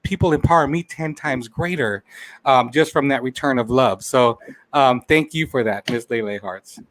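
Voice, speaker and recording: With a mid-range, somewhat bright voice at normal speed and no room sound, a man hosts a live talk show. The stream turns emotional as he speaks from the heart, repeating phrases and saying he's nearly crying.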